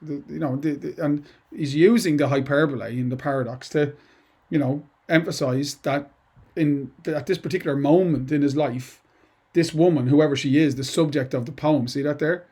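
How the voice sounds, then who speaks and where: A man's voice: fairly high pitch, steady tone, normal speed, hardly any pauses, warm tone, slightly rough. A middle-aged man teaching poetry to students in a chatty, digressive way, full of asides and restarts. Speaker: English teacher. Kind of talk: informal lesson to students.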